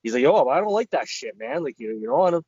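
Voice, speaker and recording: A man's voice: fairly high pitch, sing-song, quick pace, darkish tone, breathy edge, no echo, highs cut off. A man co-hosting a podcast, telling a rambling, profane story and acting out his friends' lines. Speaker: podcast co-host. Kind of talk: casual storytelling chat.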